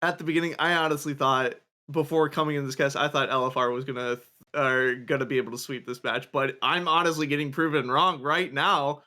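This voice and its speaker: A man's voice: mid-range voice, fairly even intonation, a little fast, pushed and bright. A man casting a live esports card game match, calling plays and hyping up the next game in a chatty way. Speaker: esports caster. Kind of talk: live play-by-play commentary.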